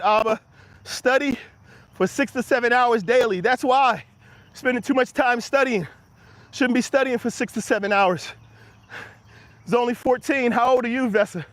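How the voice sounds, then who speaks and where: A very high-pitched man talks while walking outside, a little winded but full of push and encouragement for the people watching. He chats right back to his viewers' comments. His voice sits close and dry on the mic. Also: a bit bright, no echo. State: slightly out of breath from walking. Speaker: motivational livestream host. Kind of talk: live walk-and-talk motivational chat. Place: outdoors on an early-morning walk. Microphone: handheld camera while walking.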